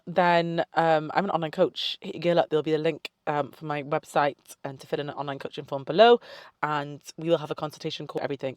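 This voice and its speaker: A woman's voice: sits low, dry recording, clean studio sound. A young woman in a casual Q&A chat to camera, a fitness coach who swears freely, drifts off on tangents and gives upbeat self-love pep talk. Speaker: fitness model and online coach.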